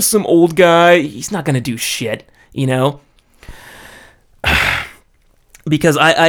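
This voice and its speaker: A man vents to the camera in a loose, profane monologue. He sounds exasperated and restarts his sentences often, tossing in "okay?" and "you know?" as he goes. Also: medium pitch. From foreigner living in Japan. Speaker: storyteller. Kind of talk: casual ranting monologue.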